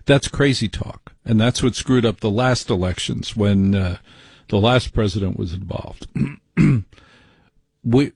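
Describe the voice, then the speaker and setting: A man in the middle of an opinionated monologue, brash and rambling, his voice a little husky. He sounds mock-exasperated. The sound is dry, with no room around it. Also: medium pitch, a little mellow, no echo.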